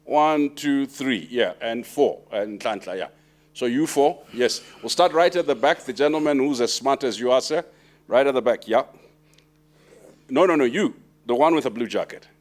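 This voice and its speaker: Brisk man moderating a Q&A. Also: medium pitch, expressive. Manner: brisk, bantering, urging brevity. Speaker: moderator of audience questions. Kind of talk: chairing a Q&A session. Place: lecture hall with an audience.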